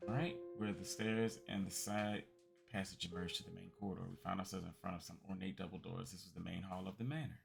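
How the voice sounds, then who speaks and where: A man streaming, reading a text game aloud as a calm bedtime story with quiet asides. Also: deep voice, fast talker, gravelly, music in the background.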